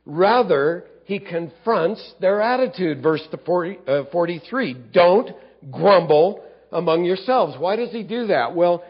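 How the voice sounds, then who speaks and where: Male pastor, teaching sermon, slightly high voice, muffled lo-fi recording. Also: expressive, a little slow, few pauses, breathy edge. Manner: teaching, reads scripture aloud and acts out grumbling voices. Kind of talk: expository sermon.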